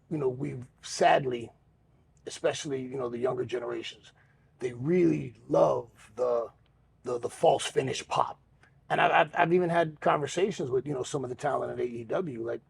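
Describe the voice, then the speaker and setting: A fairly high but darkish-toned gravelly voice belongs to a male podcast co-host, heard over slight background noise. His talk is candid podcast banter, profane and tinged with self-mockery.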